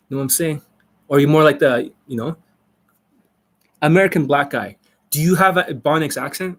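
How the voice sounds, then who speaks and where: A man's voice: on the high side, brisk, long pauses. A man coaching on a live stream, answering viewers in a blunt, profane, rambling way. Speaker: dating coach.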